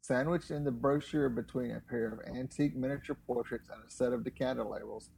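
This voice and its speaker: A man's voice: medium pitch, creaky, darkish tone, slight background noise, poor audio. A man co-hosting a casual talk show, reading news articles aloud in a dry, matter-of-fact way with offhand asides. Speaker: co-host reading news stories.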